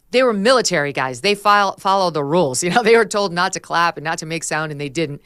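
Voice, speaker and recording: A middle-aged woman hosting a talk show, brisk and emphatic, sometimes laughing as she talks. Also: medium pitch, fairly bright tone, clear, resonant tone, dry recording, clean studio sound. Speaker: host. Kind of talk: talk show host chat and read ad.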